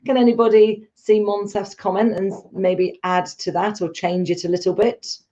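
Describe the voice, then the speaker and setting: A woman's voice: mid-range voice, level tone, moderate pace, warm tone, muffled recording. A woman teaching a live online English lesson, patient and encouraging as she explains step by step.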